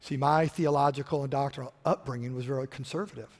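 A middle-aged man preaching a sermon, telling stories and switching between loud emphasis and quiet asides. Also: medium pitch, steady tone, fast. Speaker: pastor. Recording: long hall reverb.

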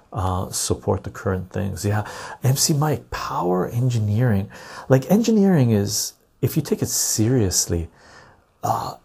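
A man with a low, gravelly voice hosts a podcast and chats loosely with his viewers. His voice is dark and husky, and he rambles in quick bursts with frequent laughs. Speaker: podcast host. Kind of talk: casual chat, reading viewer comments.

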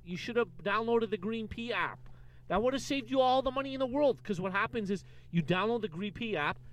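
A man's voice: sits high, fairly quick. A young man from Canada co-hosting a casual comedy podcast, joking and mocking himself as he riffs with a friend in a car. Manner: animated, joking, self-mocking. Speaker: podcast co-host.

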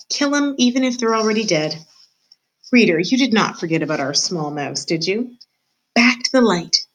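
A woman teacher reading a children's book aloud to her class, warm and expressive in her storytelling. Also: medium pitch, poor audio.

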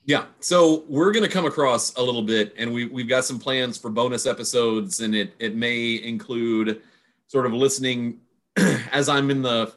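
A man co-hosting a podcast, a teacher, talking casually in a halting, rambling way. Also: medium pitch, fairly bright tone. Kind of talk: casual chat.

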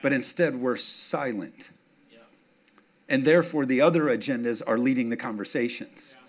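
A man's voice: medium pitch, normal speed. A man preaching a sermon, building to emphatic declarations and asking the congregation again and again if they are with him. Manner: call-and-response, keeps checking in with the congregation; rises to emphatic, punchy declarations. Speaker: pastor.

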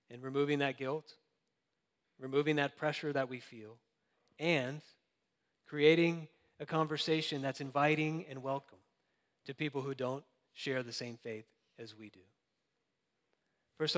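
A man's voice: a little high, a bit bright, long reverb tail. A young adult man preaching a sermon, earnest and conversational with light laughs. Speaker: pastor.

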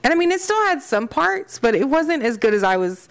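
A woman's voice: high-pitched, very animated, brisk. A young adult woman co-hosting a podcast, chatting casually in a blunt, jokey, profane way. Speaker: podcast co-host. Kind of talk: casual chat.

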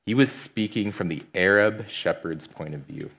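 Male pastor, low voice, casual conversational preaching style. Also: moderate pace, gravelly, fairly bright tone. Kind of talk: sermon.

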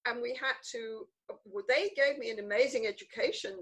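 Older Englishwoman, interview guest, slightly high voice, emphatic and repetitive for effect. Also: a little fast, breathy edge, low-quality recording. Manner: animated, emphatic, repeats words for stress. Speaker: guest author. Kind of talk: conversational interview storytelling.

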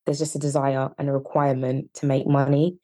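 A woman's voice: extremely low pitch, fairly quick, dry recording. A woman with a Yorkshire accent co-hosting a podcast, talking earnestly and at length. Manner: earnest, discursive, animated when riled. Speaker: podcast co-host. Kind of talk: casual chat.

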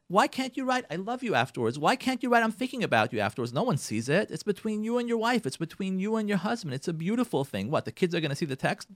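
A man's voice: high-pitched, very animated, fast talker, hardly any pauses, no room sound, studio quality. A man hosting a radio talk segment, giving marriage advice in an impassioned, repetitive way with Hebrew and Yiddish terms mixed in. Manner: emphatic, repeats phrases, sprinkles Hebrew and Yiddish terms. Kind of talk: impassioned monologue.

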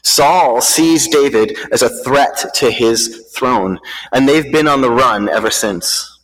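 A man preaching, telling a dramatic story in a vivid, measured way, recorded with a long hall reverb. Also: medium pitch, a bit bright.

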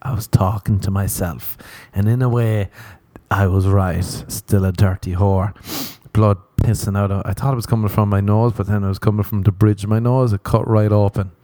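A man's voice: fairly low pitch, steady tone, fairly quick, few pauses, dark tone, no echo. A man hosting a podcast, telling rambling, profane, self-mocking stories in a casual comedic monologue. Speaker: podcast host.

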